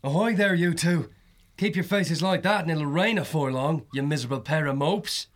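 A man voicing a tough, steady male otter guide with a hearty, bluff manner. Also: on the high side, moderate pace, pitched above the performer's own voice, natural voice. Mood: teasing.

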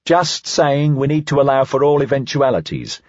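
A man voicing a practical young male deputy who speaks in a calm, gently reminding way in an audiobook. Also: medium pitch, moderate pace, no echo, muffled recording, pitched above the performer's own voice, natural voice. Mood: steady.

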